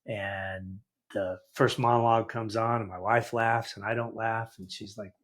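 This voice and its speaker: A lowish, husky male voice in his sixties, a guest on a conversational podcast. He tells anecdotes with lively energy and slips into the voices of the people he quotes. The delivery is casual and sincere. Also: normal speed. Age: 60s. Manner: animated anecdotal, acts out quoted dialogue. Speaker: guest entrepreneur. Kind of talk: conversational storytelling.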